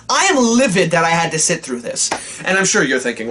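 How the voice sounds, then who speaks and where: A man tearing into an old cartoon in a sarcastic, profanity-laced rant. His pitch swings up and down all over the place as he vents his exasperation, with a faint hum of noise behind him. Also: sing-song, normal speed, bright, forceful tone. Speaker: cartoon reviewer. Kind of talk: ranting comedic review.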